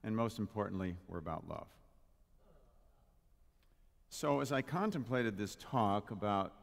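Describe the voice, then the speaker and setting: A man with a low, creaky voice speaks in an unhurried but animated way, giving a humorous Father's Day talk to a live congregation as a spiritual practitioner. Playful and engaging, he uses a handheld or stand mic in a hall with long reverb.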